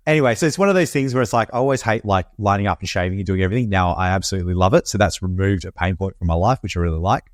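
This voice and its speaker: A man's voice: deep voice, no echo, studio quality. A man with an Australian accent co-hosting a podcast from home, chatting casually, swearing freely and calling his co-host mate. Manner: laid-back, swears casually, says mate often. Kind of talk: casual chat. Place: home, Perth.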